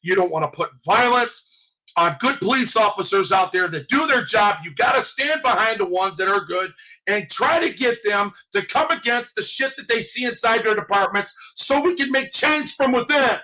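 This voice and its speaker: Fired-up, bright-voiced man ranting. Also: sits high, lively intonation, moderate pace, low-quality recording. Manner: fiery, preachy, swears often. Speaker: activist vlogger. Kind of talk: impassioned monologue.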